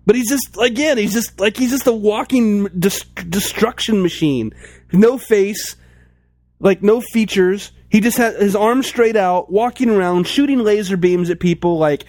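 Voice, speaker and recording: A man with a fairly high voice talks loosely about old toys, circling back with lots of restarts and filler words. The sound is close and dry, with no room around him. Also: a little slow, darkish tone, no room sound. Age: adult, toy collector since childhood. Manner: rambling, many restarts and "like". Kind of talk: casual chat about toys.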